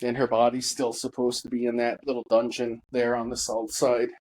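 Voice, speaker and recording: A man telling his own story in a halting monologue, full of pauses and fillers, grieving and bitter. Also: mid-range voice, monotone, a little mellow, slight background noise, rough recording. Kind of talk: personal testimony monologue.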